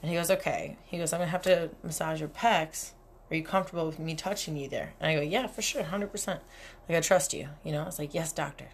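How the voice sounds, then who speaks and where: A woman's voice: low voice, steady tone, quick pace, slight background noise. Profane, laughing young woman podcaster. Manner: candid, profane, laughs often. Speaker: podcast host. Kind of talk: casual solo podcast storytelling. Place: cabin.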